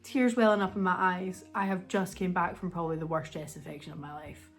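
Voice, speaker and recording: A woman's voice: fairly low pitch, steady tone, a little fast, soft background music. A young woman chatting casually at home for her vlog, rambling and self-mocking as she laughs her way through a story. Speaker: vlogger.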